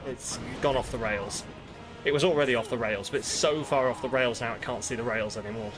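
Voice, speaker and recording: A man's voice: mid-range voice, brisk, over music. A young British man with a southern English accent, chatting playfully while streaming a game. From Britain. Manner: playful, self-mocking, tries silly voices. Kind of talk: live gameplay commentary.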